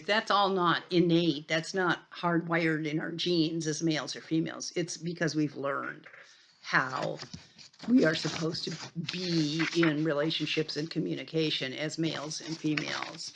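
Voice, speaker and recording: An older woman lecturing on sociology in a conversational way, often pausing with fillers and restarting her sentences. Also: low voice, creaky, a little hiss or hum. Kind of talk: recorded college lecture.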